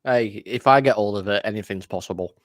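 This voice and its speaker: A man's voice: fairly low pitch, a little fast, no echo, clean studio sound. A man co-commentating on a football watch-along stream, playfully mocking and ribbing the host in casual banter. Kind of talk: banter-heavy casual chat.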